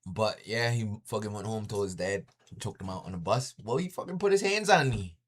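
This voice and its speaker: A man's voice: fairly low pitch, fairly quick, slight background noise. A man livestreaming from home, telling stories in a loose, profane chat and tossing in "yo" constantly. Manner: profane, keeps saying "yo"; animated storytelling with sound effects. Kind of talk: casual live-stream chat.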